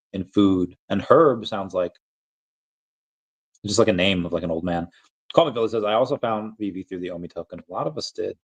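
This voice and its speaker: A man's voice: fairly low pitch, a little mellow, muffled recording. A young man hosting a casual livestream, reading chat aloud in a rambling, playful way and often stumbling over repeated words.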